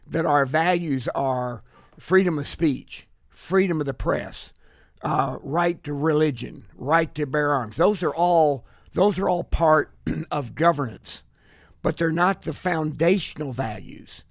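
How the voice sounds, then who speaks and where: A man's voice: a little high, slow, vocal fry, no room sound. American radio host guy, earnest, keeps restarting himself, dry studio sound. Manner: earnest, many restarts and repeated words. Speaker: radio talk show host. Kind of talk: political talk radio discussion.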